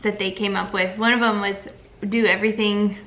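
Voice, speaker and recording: A woman's voice: medium pitch, flat delivery, a little fast, highs cut off. A young woman co-hosting a casual chat, talkative and upbeat. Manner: chatty and upbeat. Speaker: co-host.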